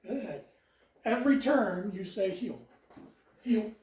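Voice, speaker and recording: A dog trainer giving calm instructions while walking a dog, mixing explanations with short praise and commands. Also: mid-range voice, drawn-out words, long pauses. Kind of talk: hands-on dog training lesson. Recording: roomy sound, mic far off.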